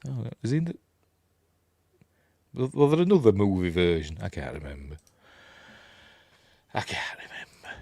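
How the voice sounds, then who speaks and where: A rambling Yorkshire man talks through a film in a casual review. His voice sits fairly low but swings widely up and down as he slips into the characters' lines. The sound is close and dry. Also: sing-song, normal speed, pauses often, dark tone, dry recording. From Yorkshire, England. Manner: rambling and chatty, chuckling, acting out quoted lines in raised voices.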